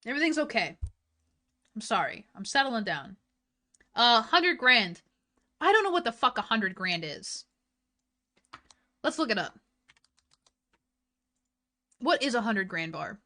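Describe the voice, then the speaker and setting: A woman streamer in casual chat, ranting with heat and swearing, swinging between loud outbursts and low mutters. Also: very animated, a little slow, long pauses. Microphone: desk mic.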